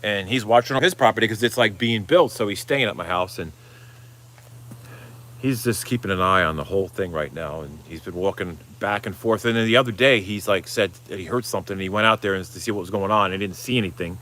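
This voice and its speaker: A man's voice: lowish voice, fast, a bit bright. A middle-aged man hosting a casual live stream, rambling, swearing freely and reading out viewer comments. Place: Florida, outdoors.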